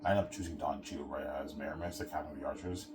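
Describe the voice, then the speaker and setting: A man's voice: rumbling low, steady tone, rapid-fire, music in the background. A man talking casually in a rambling solo vlog monologue, swearing and repeating himself. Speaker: vlogger.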